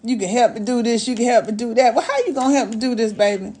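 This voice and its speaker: Fairly high-pitched, fast and warm, this woman runs a casual live stream as an astrologer. She takes on the role of viewers' elder mama, sassy and motherly, teasing and scolding her "babies" and "y'all."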